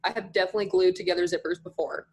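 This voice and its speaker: A woman's voice: on the low side, steady tone, rapid-fire, a little mellow. A young woman chatting as a podcast guest, telling stories freely and filling her speech with "like". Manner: chatty, storytelling, lots of "like" fillers. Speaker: podcast guest, pageant contestant. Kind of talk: casual podcast chat.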